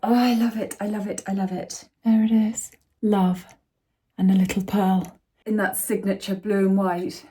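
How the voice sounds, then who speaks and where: A woman's voice: mid-range voice, normal speed. Gushing woman vlogger. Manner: gushing and excitable, drops into soft whispers. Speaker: lifestyle vlogger. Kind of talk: casual chat to camera. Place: home indoors.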